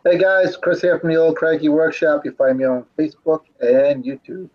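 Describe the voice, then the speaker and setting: A man's voice: fairly high pitch, flat delivery, normal speed, highs cut off. A man guesting on a panel over a call, cracking jokes. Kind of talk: casual chat.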